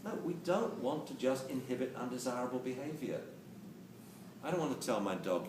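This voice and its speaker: A man lectures an audience with animated, joking delivery and a voice that leaps up and down in pitch. He sounds distant, picked up from across a reverberant hall. A steady hiss sits under the recording. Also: brisk. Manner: animated, jokey, acts out quotes. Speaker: dog training lecturer. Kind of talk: lively live lecture to an audience. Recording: roomy, distant camera mic with hiss.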